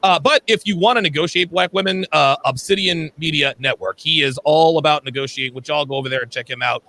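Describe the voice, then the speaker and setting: A man hosting a casual livestream panel, reading out viewer messages and reacting loudly and excitably, swearing freely. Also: a little high, fast talker. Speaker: livestream host reading super chats.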